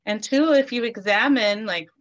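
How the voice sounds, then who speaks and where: A woman of Caribbean heritage telling personal stories in a casual chat, animated, swearing freely and acting out other people's voices. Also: on the high side, normal speed, dull audio. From Caribbean heritage, raised in the US. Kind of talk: candid casual conversation.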